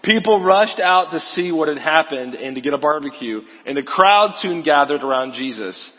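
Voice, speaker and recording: A man's voice: mid-range voice, moderate pace, breathy edge. A man giving a casual, joking sermon as a guest preacher, talking in a loose, conversational way. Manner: casual, joking, uses "like" often. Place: church sanctuary. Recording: echoey hall, slightly dull sound.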